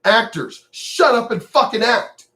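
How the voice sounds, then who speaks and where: A man's voice: extremely high pitch, animated, a little slow, bright, forceful tone. An older, retired man who vlogs, ranting to camera in a profane, sneering, mocking way. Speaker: vlogger. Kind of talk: angry direct-to-camera rant.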